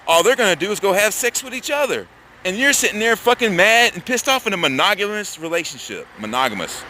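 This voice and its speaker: A man's voice: a little high, pushed and bright, a little hiss or hum. A man delivering a profane, agitated, combative ranting monologue as host of his own channel.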